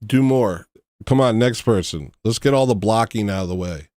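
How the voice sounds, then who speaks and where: A man's voice: lowish voice, moderate pace, darkish tone, no echo, clean studio sound. Tired, sarcastic male streamer. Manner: sarcastic, exasperated, mocking. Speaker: livestream host. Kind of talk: casual livestream talk.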